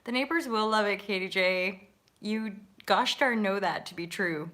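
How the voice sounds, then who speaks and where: A woman's voice: mid-range voice, a little slow, bright, forceful tone. A woman hosting a casual livestream, chatting in a bubbly way, laughing often and swearing freely. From Canada. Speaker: livestream host.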